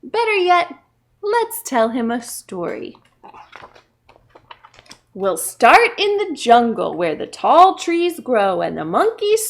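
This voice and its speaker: High-voiced woman leading kids' story time. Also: a bit bright. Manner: slow, encouraging, talks directly to small children; playful, acts out animals. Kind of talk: pre-k story time with movement and songs.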